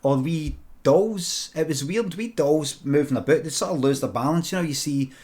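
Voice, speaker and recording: Scottish male streamer spinning an improvised comic tale, digressive and foul-mouthed, voice a touch high. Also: moderate pace, a little mellow. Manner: rambling, sweary, digressive.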